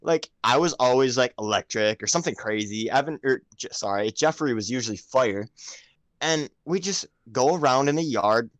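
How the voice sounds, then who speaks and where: A young man co-hosting a podcast, telling stories in a loud, animated way, full of swearing and laughter. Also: medium pitch, moderate pace, no room sound. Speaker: podcast co-host. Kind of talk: casual chat.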